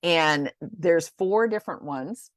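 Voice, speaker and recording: A woman's voice: deep voice, lively intonation, takes it slowly, no echo, studio quality. A woman presenting products in a casual, rambling rundown. She talks chattily and often stumbles over names. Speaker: essential oil presenter.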